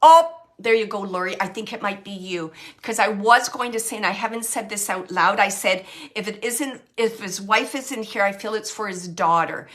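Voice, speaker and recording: A woman's voice: mid-range voice, normal speed, few pauses, fairly bright tone. A woman working as a psychic medium, chatting to an online audience, laughing often and relaying messages she says she hears.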